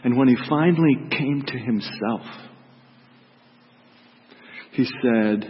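A man's voice: medium pitch, slow, long pauses, long reverb tail, dull audio. A man reading a gospel story aloud as a priest and then preaching on it, voicing its characters dramatically.

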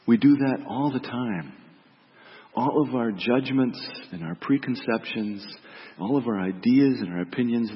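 A middle-aged man, a pastor, giving a reflective, gentle sermon and dropping softly on key words. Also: lowish voice. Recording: dull reverberant hall recording.

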